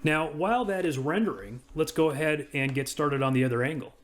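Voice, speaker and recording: A man casually talking through each click as he walks through a software demo. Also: a little high, expressive, a little fast. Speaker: software reviewer. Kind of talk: screen-recorded software walkthrough.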